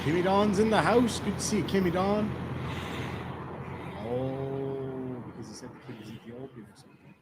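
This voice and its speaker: A man's voice: medium pitch, steady tone, moderate pace, heavy background noise. An Irish man in casual commentary, telling stories full of swearing and laughing through them. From Ireland. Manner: profane, laughs through his own stories. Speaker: streamer reacting to a livestream.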